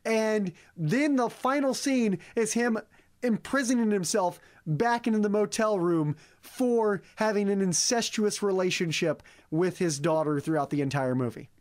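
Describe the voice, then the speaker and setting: A man with a bright, fairly high voice hosts a casual movie review podcast. He recaps the plot in an animated way and slips into the characters' lines as he goes. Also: a little slow. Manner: animated storyteller who acts out characters' lines. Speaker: podcast host.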